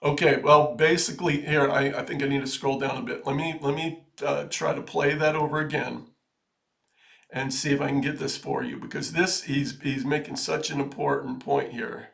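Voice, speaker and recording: A man hosting a video, giving casual political commentary in an earnest, halting way with many restarts that turns emphatic. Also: mid-range voice, fairly even intonation, creaky, fairly bright tone. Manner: grows emphatic and urgent. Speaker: video host.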